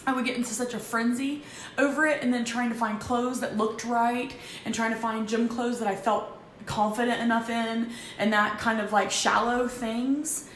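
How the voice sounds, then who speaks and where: A woman in her thirties candidly confessing her struggles in a halting, emotional vlog, with frequent restarts. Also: on the high side, fairly even intonation. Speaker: vlogger. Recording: echoey room with faint background noise.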